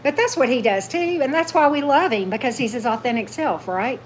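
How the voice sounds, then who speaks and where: A woman hosting a casual livestream, gushing, animated, and answering viewer comments. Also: high voice, fairly quick, a little hiss or hum. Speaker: tarot channel host.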